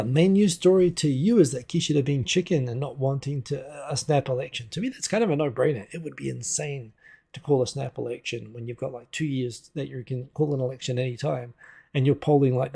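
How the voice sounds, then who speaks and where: A New Zealand man hosts a casual livestream from home on a desk USB microphone, chatting loosely and answering viewer comments as they arrive. His medium-pitched voice is warm, husky, and creaky.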